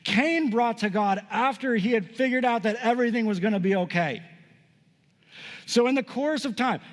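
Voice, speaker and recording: Male pastor, high voice, emphatic sermon delivery that swings loud and hushed, long reverb of a sanctuary. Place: church sanctuary.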